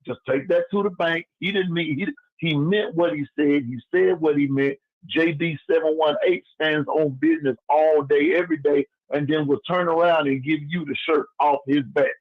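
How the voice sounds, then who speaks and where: A man calling in to a sports show, ranting loudly to fair-weather fans. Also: on the high side, steady tone, moderate pace, few pauses. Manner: loud, fired-up preaching rant. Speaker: caller and chat moderator. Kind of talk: phone-in rant. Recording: dull lo-fi phone call.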